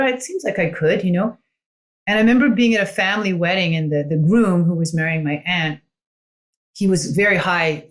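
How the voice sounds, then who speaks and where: A woman guest on a podcast, a coach, telling her story in an earnest, reflective way with frequent "you know" asides. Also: on the low side. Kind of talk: conversational storytelling.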